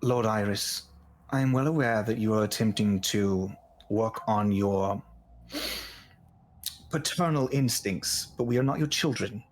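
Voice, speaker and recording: A man's voice: fairly low pitch, measured pace, pauses often, a little hiss or hum, close to an everyday voice. A man voicing a blunt god who speaks in a dry, matter-of-fact way. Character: blunt god addressing Lord Iris.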